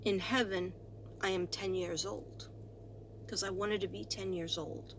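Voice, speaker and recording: Slow, earnest woman psychic. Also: medium pitch, fairly even intonation, background noise. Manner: earnest, halting, with many fillers and restarts. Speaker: psychic medium and tarot reader. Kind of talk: slow talk to camera, reading spirit messages.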